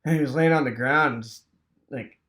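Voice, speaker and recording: A man from Wisconsin casually telling a rambling childhood story, full of fillers and sound effects like "boom.". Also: normal speed, a bit bright. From Wisconsin, USA.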